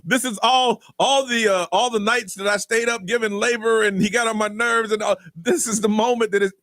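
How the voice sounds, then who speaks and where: A man's voice: high voice, steady tone, brisk, fairly bright tone, no room sound. A man hosting a morning radio show in the studio, playfully teasing callers and laughing. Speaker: radio host.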